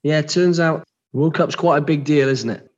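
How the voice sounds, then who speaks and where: A hoarse man with a gravelly voice, co-hosting a podcast in relaxed, chatty conversation. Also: fairly high pitch, normal speed, highs cut off. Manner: relaxed, chatty, explains things plainly. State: hoarse, recovering from a lost voice. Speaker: podcast co-host. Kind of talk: casual chat.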